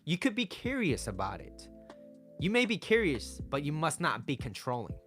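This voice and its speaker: A man's voice: on the high side, wildly swooping pitch, moderate pace, a bit bright, soft background music. A man giving dating advice in a direct monologue, blunt and emphatic, often checking in with "right?" and "okay?".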